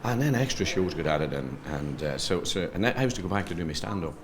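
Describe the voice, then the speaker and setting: A middle-aged Donegal Irish man with a very low voice, chatting away as an interview guest and telling anecdotes, tripping over his own repeated words as he goes. The chatter of a crowd carries on steadily behind him. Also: expressive, brisk. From Ireland. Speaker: comedian and playwright guest. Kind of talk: casual interview chat.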